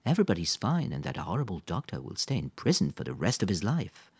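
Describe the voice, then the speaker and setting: A man reading aloud, voicing a cheerful mother who speaks in a brisk, reassuring way. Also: sits low, huge pitch swings, husky, no echo, exaggerated voice. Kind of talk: audiobook character voice.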